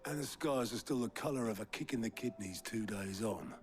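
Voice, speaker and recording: An actor playing a gruff, blunt middle-aged man, trading dry, slangy banter in video game dialogue. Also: fairly low pitch, a little fast, close to an everyday voice. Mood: wry. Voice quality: gravelly. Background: game music.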